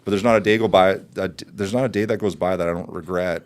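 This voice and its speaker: A man's voice: low voice, fairly even intonation, quick pace. A man hosting a podcast, asking questions in a chatty, casual way with side remarks. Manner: chatty, friendly questioning with asides. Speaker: podcast host. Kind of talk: casual conversational interview.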